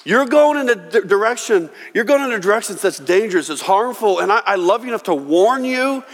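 A middle-aged man preaching a sermon as pastor, earnest and emotional, often halting and restarting his words. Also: high voice, animated. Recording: long reverb of a church hall.

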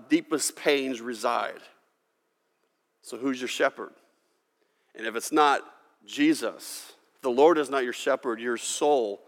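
A man preaching a sermon in a church, his fairly high voice ringing with long reverb through the hall. He swings from loud, emphatic lines to hushed, intimate ones, and leads the congregation in reciting verses aloud. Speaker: pastor.

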